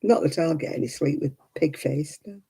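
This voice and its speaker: A woman's voice: deep voice, normal speed, creaky, warm tone, slightly rough. A middle-aged woman chatting casually while knitting on a crafting livestream, cooing baby talk to her dog in between.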